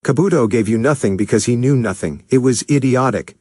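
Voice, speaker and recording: A man's voice: medium pitch, fairly quick, dark tone, no room sound, clean studio sound, voice pushed up, close to an everyday voice. A man voicing a stern older male scientist who scolds and lectures his protégé.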